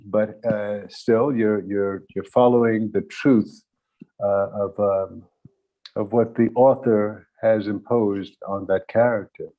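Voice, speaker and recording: A man answering a panel question, talking slowly with many pauses and restarts. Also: on the low side, fairly even intonation, phone-quality sound. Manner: slow, halting, many restarts. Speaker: actor panelist.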